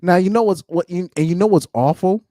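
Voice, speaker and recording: A man's voice: high-pitched, brisk, warm tone, dry recording, studio quality. A man giving blunt, ranting reaction commentary, laughing often between points. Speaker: commentary streamer.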